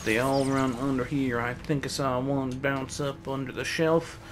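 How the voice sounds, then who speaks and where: Slow-talking sarcastic gamer man. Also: mid-range voice, little pitch movement, background noise. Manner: sarcastic, joking, swears often. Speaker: let's play gamer. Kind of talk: gameplay commentary.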